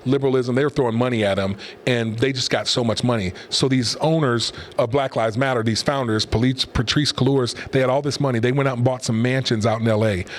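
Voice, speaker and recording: A man's voice: mid-range voice, fairly even intonation, brisk, hardly any pauses. Middle-aged male host, casual opinionated commentary, rambling and mid-range. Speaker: host and pastor.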